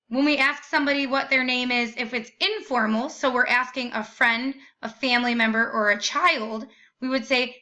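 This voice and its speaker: A young woman teacher walks through a lesson, slowing down to model each phrase with care. Her voice sits a little high and sounds bright and forward. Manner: slow, careful modeling of phrases. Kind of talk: recorded classroom lesson.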